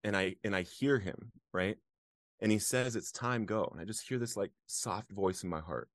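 A man's voice: lowish voice, normal speed. A man as an interview guest, sharing a personal story earnestly and emotionally, breaking into laughs now and then. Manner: earnest, laughs often, animated when reliving moments.

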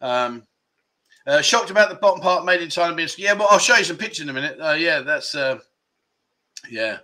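A man in his fifties with a bright, forceful voice pitched a little high, hosting a relaxed livestream. He talks candidly and chuckles often as he reads out comments from viewers. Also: brisk. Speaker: livestream host. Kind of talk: casual live chat reading viewer comments.

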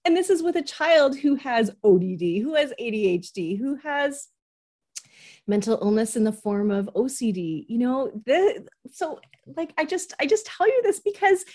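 A woman's voice: high voice, darkish tone. A woman in her forties hosting a parenting podcast, telling a personal story in a candid, conversational way with many asides.

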